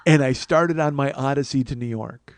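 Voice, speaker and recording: A man's voice: medium pitch, moderate pace, a little hiss or hum. Swearing comic man telling a story. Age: 40s. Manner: profane, animated, acts out other voices. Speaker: comedy podcast host. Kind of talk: storytelling comedy monologue.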